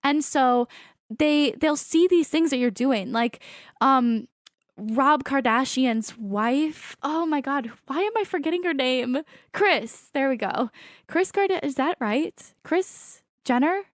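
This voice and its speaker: A woman's voice: sits high, expressive, slow, dry recording, studio quality. A young woman hosting a podcast, talking casually about mediums with many fillers and self-corrections. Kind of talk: casual chat.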